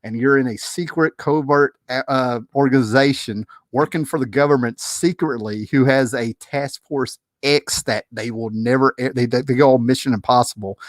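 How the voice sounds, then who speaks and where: A man in the middle of his usual pitch delivers casual reaction commentary on a film. He rambles in an animated, exasperated way, restarting sentences and laughing to himself. His voice is close to the mic and completely dry. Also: normal speed, few pauses, no echo. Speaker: movie commentary video host.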